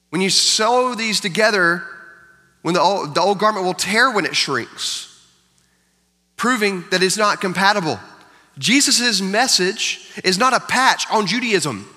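A man's voice: medium pitch, lively intonation, moderate pace, long pauses, pushed and bright. A man preaching a sermon as pastor, emphatic, repeating key lines for effect. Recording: long hall reverb.

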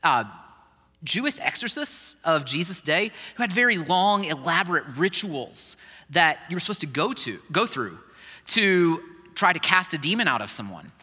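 Preaching a sermon at normal speed, a male pastor speaks with a husky yet high, very bright, and sharp voice that rises and falls dramatically. His style is animated and conversational, with long reverb suggesting a large hall.

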